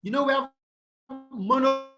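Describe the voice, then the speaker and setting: A man tutoring English pronunciation over a video call, asking questions and answering them himself, and repeating words slowly to show where the stress falls. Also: extremely high pitch, lo-fi sound, music in the background. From Nigeria. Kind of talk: online tutorial lesson.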